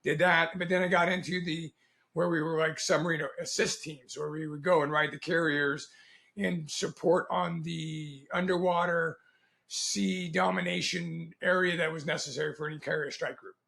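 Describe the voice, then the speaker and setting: Bright, lively middle-aged man telling stories. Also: on the high side, moderate pace, vocal fry. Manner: animated, laughs often, acts out quoted dialogue. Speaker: guest, Navy veteran. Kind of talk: casual storytelling interview.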